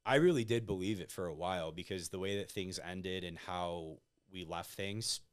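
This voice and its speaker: A man's voice: low-pitched, moderate pace, smooth. A man, a podcast guest, telling personal stories in a casual conversational way, often tagging "like" and "right?" onto his sentences. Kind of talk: casual interview storytelling.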